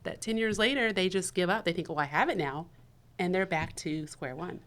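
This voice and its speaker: A woman co-hosting a podcast, agreeable and quick to chime in during casual talk. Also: lowish voice, fairly bright tone. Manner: agreeable, chimes in often with short replies. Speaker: podcast co-host.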